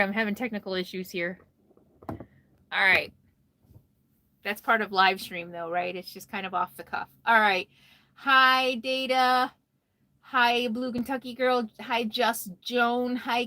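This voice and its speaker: A tired woman chats through a casual RV livestream from her phone, which she holds close, greeting viewers by name and laughing a lot. Her voice sits on the high side and is bright and forceful, with a steady tone and a slightly slow pace.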